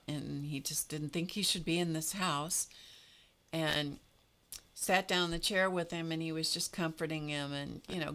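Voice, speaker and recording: A woman's voice: low-pitched, fairly bright tone. A woman hosting an art livestream, chatting casually in a rambling, storytelling way with small laughs as she paints. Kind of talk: casual chat while painting.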